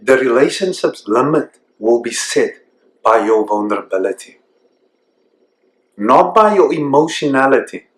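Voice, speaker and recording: Man, earnest motivational talk, reflective, mid-pitched voice, roomy echo. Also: sing-song. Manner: earnest, reflective, slows down for emphasis. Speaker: self-discovery program host. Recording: echoey room.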